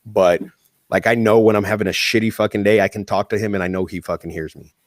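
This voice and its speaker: This podcast co-host speaks quickly in a lowish voice with fairly even intonation, cursing freely as he tells a heartfelt personal story in relaxed conversation. There's no echo, just clean studio audio.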